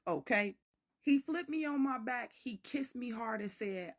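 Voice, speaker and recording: Animated, bright-voiced woman telling a story. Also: a little high, a little slow. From Chicago area. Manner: animated, dramatic, swears freely, addresses listeners as baby. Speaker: storyteller vlogger. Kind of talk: casual storytime.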